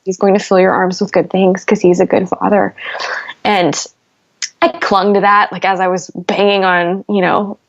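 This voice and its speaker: A young woman speaks candidly and earnestly, filling her sentences with "like" as her intensity builds. Her voice sits at an ordinary pitch. The recording is a bit dull and lo-fi. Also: little pitch movement, moderate pace. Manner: earnest, heavy use of "like", rising intensity. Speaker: podcast guest. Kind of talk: candid conversational storytelling. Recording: slightly dull lo-fi podcast audio.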